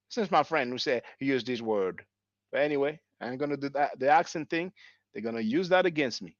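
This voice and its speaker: A man's voice: mid-range voice, animated, fairly quick, no echo, highs cut off. A man in his forties from France with a French accent, hosting his channel's live stream and firing off rhetorical questions to his audience. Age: 40s. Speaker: channel host.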